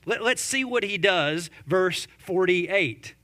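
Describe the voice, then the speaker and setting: A male pastor preaches slowly in a high voice, keeping things lively and conversational. He fires off rhetorical questions and jokes with his congregation.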